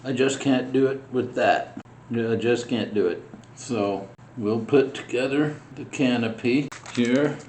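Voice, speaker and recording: A man narrates his scale model build in a slow, unhurried way. He mutters and grumbles in frustration at the tiny parts as he works. The sound is roomy, with a faint hum behind him. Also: medium pitch, a little mellow. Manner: muttering to himself, frustrated and exasperated. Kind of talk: casual build vlog narration.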